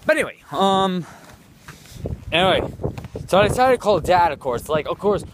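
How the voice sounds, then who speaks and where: A man's voice: high-pitched, animated, moderate pace. A man vlogging outdoors into a handheld phone, telling a rambling story and repeating "of course" constantly. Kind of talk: casual rambling story vlog. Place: outdoors in the cold, walking. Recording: loud wind noise on phone mic.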